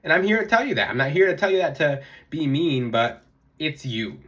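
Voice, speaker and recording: A young man giving casual spiritual advice to his viewers, emphatic and repetitive, sometimes mimicking others in a high voice. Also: sing-song, a little fast, a bit bright. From South Florida. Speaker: spiritual vlogger. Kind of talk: casual advice monologue to camera.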